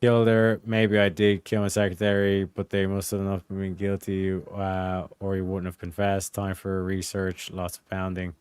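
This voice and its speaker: A young man casually reading old case transcripts aloud to friends, halting with fillers and swearing. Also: low voice, monotone, darkish tone, smooth, no echo. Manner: profane, halting, reads with fillers. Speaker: host reading case files.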